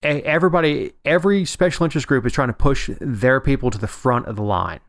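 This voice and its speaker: A man's voice: medium pitch, fast, vocal fry, dry recording, studio quality. A man co-hosting a casual political podcast, rambling and wry, often restarting his sentences. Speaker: podcast co-host.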